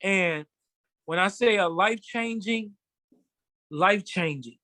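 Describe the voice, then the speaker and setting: A man's voice: high-pitched, slow pace, a crowd in the background. A man, a fashion designer guest, telling his story animatedly in a casual interview. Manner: animated storyteller, acts out quotes. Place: studio.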